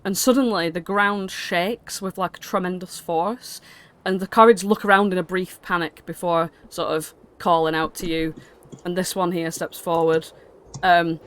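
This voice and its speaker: A woman's voice: on the low side, a bit bright, clean tone. A woman narrating a tabletop game as game master, in a casual, rambling way with many fillers.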